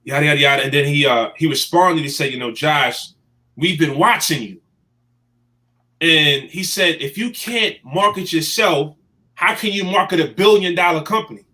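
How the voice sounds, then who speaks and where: A man in his thirties telling his life story in a casual chat, animated and emotional. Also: on the high side, normal speed. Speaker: guest.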